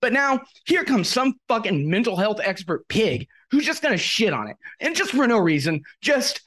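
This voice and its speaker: A man's voice: sits high, sing-song, moderate pace, few pauses, a bit bright. A podcast host, a man, ranting angrily with heavy swearing, upset nearly to tears. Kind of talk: casual chat.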